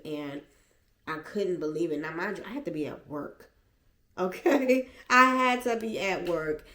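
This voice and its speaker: A woman's voice: sits low, normal speed, fairly bright tone. A woman vlogger at home, animatedly and emotionally retelling a personal story. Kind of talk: storytime vlog. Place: at home, seated. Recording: echoey room.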